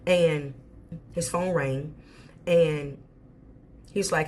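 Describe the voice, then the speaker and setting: A woman's voice: sits low, normal speed, husky. Emphatic woman ranting through a storytime. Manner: candid, emphatic, swears freely. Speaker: storyteller recounting her marriage. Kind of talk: storytime rant.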